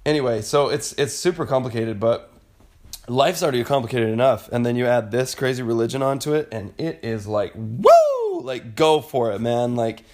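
A young man in a casual monologue, animated and rambling, with a lot of filler words. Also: medium pitch, normal speed. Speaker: vlogger.

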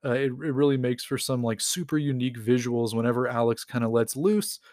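A man's voice: mid-range voice, brisk, darkish tone, no echo. Dry-voiced man casually recapping a story. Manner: rambling, filler-heavy, enthusiastic storytelling. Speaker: comics recap host. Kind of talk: casual retelling.

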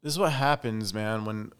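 Young male podcast host, casual solo talk, smooth clear voice, mid pitch, opinionated. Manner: chatty, opinionated, animated asides.

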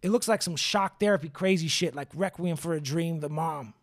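Young dude podcast host rambling a wild story, lots of cursing, slightly high voice. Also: male voice, fairly quick. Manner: profane, animated, off-the-cuff. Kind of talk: casual storytelling.

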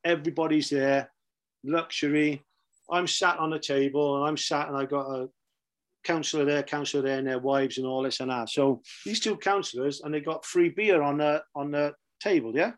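A middle-aged Welshman recalls his career in casual anecdotes, speaking fairly high with fairly even intonation at a moderate pace. He's chatty, laughs often, and keeps checking in with "right?" for emphasis.

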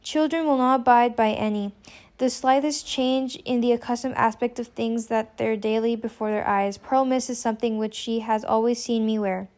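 A woman's voice: a little high, fairly even intonation, moderate pace, darkish tone, close to an everyday voice. A woman reading the part of an anxious, troubled young mother in an old-fashioned storybook, with pleading, archaic speech. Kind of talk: audiobook character reading.

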